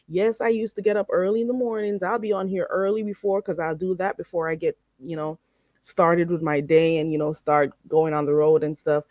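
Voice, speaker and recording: A woman's voice: fairly low pitch, moderate pace, warm tone, dry recording. A woman hosting a casual livestream, chatty and blunt, teaching phrases with many fillers.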